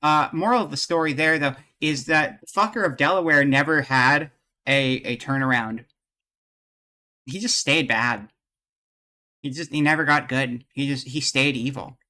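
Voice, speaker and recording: A man live-streaming at a desk mic, rambling and joking as he thinks aloud. His voice is bright and forward, at an ordinary middle pitch. He keeps breaking off to welcome viewers by name. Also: normal speed. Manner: greets viewers in chat. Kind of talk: casual live-stream chat.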